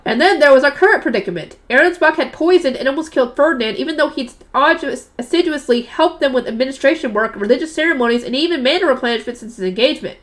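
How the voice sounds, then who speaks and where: A young woman reading a novel aloud and breaking off into chatty, loud reactions and questions to her audience. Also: high-pitched, fast talker, few pauses. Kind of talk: book reading with casual commentary.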